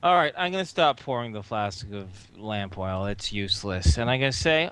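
A man taking part in a tabletop role-playing game, speaking for a defiant fighter. His voice is smooth and clear, with lively swings in pitch. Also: normal speed, hardly any pauses, no echo. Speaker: player.

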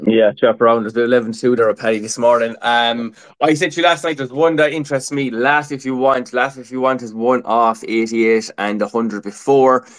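Here a man with a mid-range voice talks at normal speed in a flat delivery, barely pausing. He's a tipster co-hosting an easygoing horse racing preview, chatting through picks with plenty of "look" and "um" fillers.

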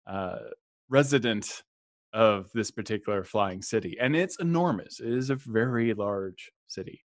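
A man's voice: fairly low pitch, expressive, a little slow, no echo, clean studio sound. A man running a tabletop game as game master, narrating the setting and reading out donations with frequent chuckles and stumbles. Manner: chuckling, stumbles over words while reading.

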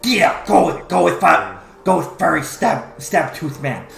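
A man's voice: medium pitch, moderate pace, gravelly, fairly bright tone, reverberant, soft background music. A man voicing an odd little male kobold shopkeeper who talks in broken, childlike phrases. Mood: indignant. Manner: broken speech, childlike muttering.

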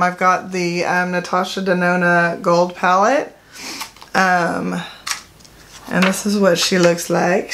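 A woman's voice: fairly low pitch, slight background noise. A middle-aged woman, chatting casually to camera about her makeup collection, rambling with fillers and self-corrections. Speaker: beauty vlogger. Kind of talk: casual product talk to camera.

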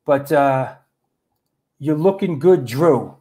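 A man hosts a casual livestream and talks straight to his viewers. His voice sits a little high. He chats loosely and throws in bro and yo. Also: normal speed, darkish tone. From New York. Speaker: host.

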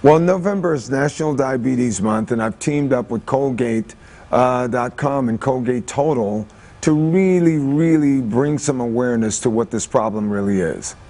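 A man's voice: medium pitch, normal speed. A middle-aged man speaks as a guest on a morning TV show. His voice sits in an ordinary middle range, and he talks in a loose, upbeat way, full of fillers. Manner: relaxed, upbeat talk with fillers. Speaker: celebrity guest. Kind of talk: morning TV interview.

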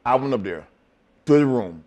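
A man's voice: mid-range voice, animated, moderate pace, darkish tone. An older retired wrestler telling blunt, profane stories in an interview and acting out the lines of the people he quotes.

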